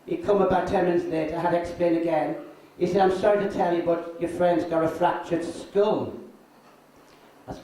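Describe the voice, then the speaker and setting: Older drag queen, high voice. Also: a little fast. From North East England. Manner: crude, deadpan anecdotes with swearing. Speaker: drag performer. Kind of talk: bawdy stand-up storytelling. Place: live show venue. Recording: echoey room, from far off.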